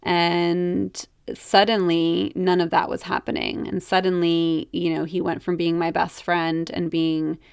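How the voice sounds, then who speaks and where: A young woman with a fairly low voice and a lot of vocal fry talks through a candid personal monologue. She hesitates, restarts, and leans on "like" and "you know" while reflecting. The recording is dry and close. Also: flat delivery, measured pace, no echo. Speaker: podcast host.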